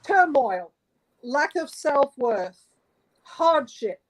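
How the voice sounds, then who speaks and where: A high-voiced woman tells a personal anecdote as a guest on a video call. She is animated and emotional and laughs as she goes. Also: extremely slow, rough recording. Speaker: guest speaker.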